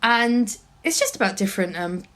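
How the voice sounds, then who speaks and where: A woman's voice: mid-range voice, very animated, moderate pace, fairly bright tone. A woman from East Norfolk with a mild Norfolk accent, co-hosting a casual podcast and reading out news with amused asides. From England, East Norfolk. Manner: chatty, many ums and restarts, reads aloud with amused asides. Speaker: podcast co-host. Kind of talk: casual chat.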